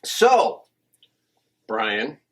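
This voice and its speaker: A man hosting a podcast interview, relaxed and laughing often, with many fillers. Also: on the low side, very slow. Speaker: podcast host. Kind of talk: casual interview chat.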